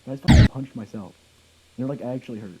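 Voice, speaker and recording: Fast rambling gamer, says like a lot, super clicky noisy mic. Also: mid-range voice, steady tone. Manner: rambling storyteller, stacks of like. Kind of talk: casual gaming voice chat.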